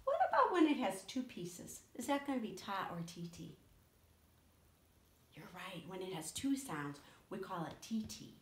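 A woman music teacher giving a children's lesson, talking to young kids in a slow, sing-song way. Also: mid-range voice, big pitch swings. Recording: echoey room with faint noise.

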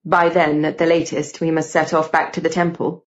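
A woman voicing a calm young man who speaks in a brisk, matter-of-fact way. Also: low voice, lo-fi sound, voice pushed down, lightly acted.

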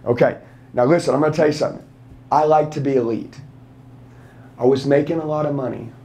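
With a mid-range, slightly mellow voice and a steady tone, a man in his thirties talks a little fast as he delivers a motivational seminar. The sales trainer is blunt, profane, and confrontational with his packed room, all fired up.

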